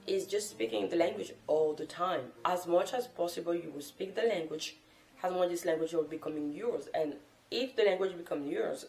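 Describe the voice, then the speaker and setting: A language-learning vlogger, a woman whose first language isn't English, talks to camera unscripted while sitting on the floor of a room at home. Her voice is low-pitched with vocal fry, and she's rambling, chatty and self-correcting, captured with roomy camera-mic sound.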